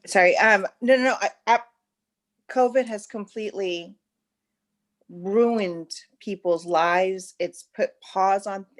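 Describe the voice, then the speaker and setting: Chatty woman interviewer, mid-pitched. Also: slow pace. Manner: warm, chatty, hesitant with fillers when asking questions. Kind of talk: casual interview chat.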